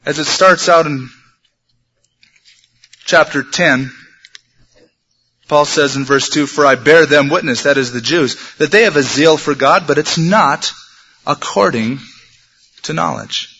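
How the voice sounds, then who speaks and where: Male pastor preaching, fairly high voice, chatty and sometimes animated delivery, muffled lo-fi recording. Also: a little slow, pauses often, breathy edge. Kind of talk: sermon. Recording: dull lo-fi sermon recording.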